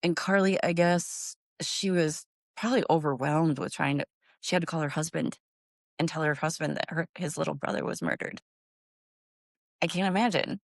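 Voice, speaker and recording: A middle-aged woman with a gravelly, creaky voice, telling her story in halting, repeated phrases. Her pitch leaps up high as she relives the hardest moments. The sound is dry and close. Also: dry recording. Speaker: guest, grieving mother. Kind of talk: emotional personal storytelling.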